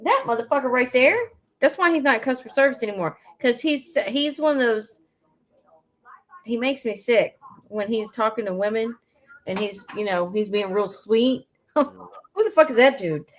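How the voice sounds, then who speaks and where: A woman's voice: on the high side, moderate pace. A woman from Alabama with a Southern accent, chatting casually, outspoken and laughing often. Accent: Southern American. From Alabama, USA. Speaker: co-host and shop co-owner. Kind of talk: casual chat.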